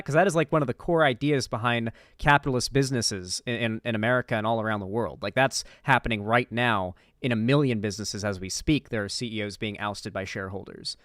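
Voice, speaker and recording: A man's voice: medium pitch, fairly bright tone, dry recording, studio quality. A man giving casual reaction commentary on a clip, talking in a loose, profane and incredulous way. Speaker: political commentary streamer.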